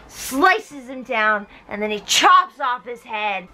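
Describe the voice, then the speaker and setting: Brief: tipsy young woman comic narrator, high and bright, giggly, does voices. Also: takes it slowly, few pauses, soft background music. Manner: giggly, animated, voices the characters. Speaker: host. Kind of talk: tipsy comedic retelling.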